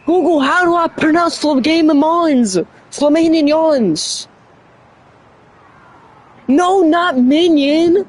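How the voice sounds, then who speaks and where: Young streamer, casual live chat, high and unhurried, tongue-tied and self-mocking. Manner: stumbling over words, flustered and self-mocking; laughs often between lines.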